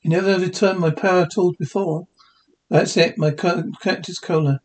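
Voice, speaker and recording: A man voicing a loud, blustering stone-age working man in a 1960s cartoon, gruff and quick to anger. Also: high-pitched, steady tone, close to an everyday voice. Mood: huffy.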